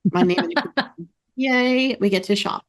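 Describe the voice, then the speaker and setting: A woman hosting a podcast interview, chatting in an excited, effusive and rambling way. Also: on the high side, moderate pace. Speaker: podcast host. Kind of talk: casual interview chat.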